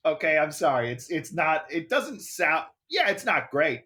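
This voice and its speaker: A man co-hosts a comedy podcast and fires off sarcastic quips. His voice is fairly high and bright, and it swings up and down with lively shifts. He keeps the banter dry and mocking. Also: moderate pace. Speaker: co-host.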